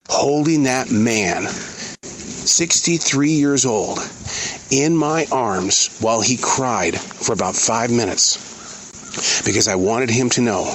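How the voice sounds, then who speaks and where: A man hosting a podcast, speaking his thoughts out loud while outdoors in a forest, earnest and given to pauses and repeats. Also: lowish voice, a little hiss or hum. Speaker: podcast host. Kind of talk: reflective outdoor monologue.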